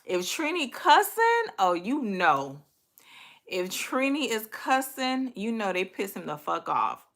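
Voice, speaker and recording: Miami girl on her stream, cussing nonstop, bright voice that jumps all over. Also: mid-range voice, sing-song, slow pace, gravelly. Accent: Miami, Southern US. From Miami, Florida. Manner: profane, blunt, trash-talking. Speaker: livestream host. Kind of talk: casual livestream rant to viewers.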